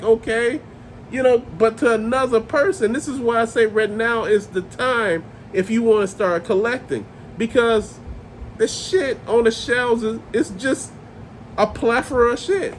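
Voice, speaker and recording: High-voiced man ranting, cursing freely. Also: slight background noise. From Chicago area. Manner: profane, exasperated ranting. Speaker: host of a toy rant channel. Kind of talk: casual ranting monologue.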